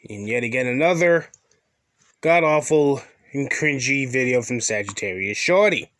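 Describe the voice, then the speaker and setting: A man's voice: mid-range voice, lively intonation, moderate pace, a bit bright, no echo, clean studio sound. A man giving mocking, sarcastic commentary over a video, crude and insulting.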